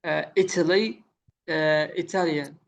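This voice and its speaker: A man's voice: on the high side, fairly even intonation, measured pace. A male student answering his tutor hesitantly, often starting with uh.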